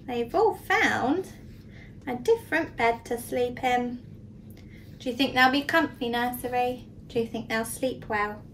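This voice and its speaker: A nursery teacher reading a storybook aloud to young children, expressive and pausing to ask questions. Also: female voice, fairly high pitch, recorded from a distance, a little hiss or hum, poor audio.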